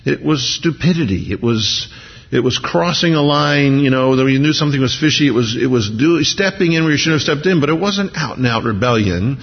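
A man's voice: medium pitch, lively intonation, brisk, husky. A man preaching a sermon as pastor, talking conversationally with rhetorical questions and frequent restarts. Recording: dull lo-fi recording with long hall reverb.

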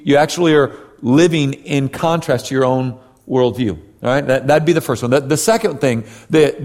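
A man preaching a sermon in a conversational style, often asking "right?" and restarting his sentences. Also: medium pitch. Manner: conversational preaching with frequent tag questions and restarts. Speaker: pastor. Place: church hall. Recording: reverberant hall.

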